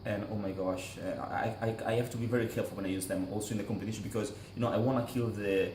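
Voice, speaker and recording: A man playing a boastful blinking competitor who claims laser eyes, in excitable broken English, recorded in an echoey room. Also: lowish voice, fast, a little hiss or hum, lightly acted. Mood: earnest. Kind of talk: mockumentary interview.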